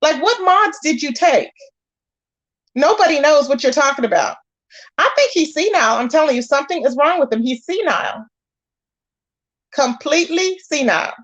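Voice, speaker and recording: Exasperated high-voiced woman ranting on stream. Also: moderate pace, pauses often, muffled recording. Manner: animated and exasperated, acting out quoted lines. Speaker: live-stream commentary host. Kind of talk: casual live-stream commentary, greeting chat viewers.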